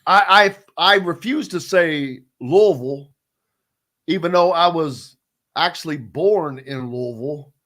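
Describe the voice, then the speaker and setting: A man's voice: on the high side, unhurried, fairly bright tone. A man from Indiana hosting a sports radio show, chatting casually and laughing between restarted sentences.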